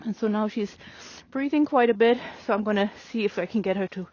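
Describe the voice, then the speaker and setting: A woman horse trainer explaining her work with a mare in an open outdoor arena, calm and coaxing, with many fillers. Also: mid-range voice, brisk, no room sound, dull audio.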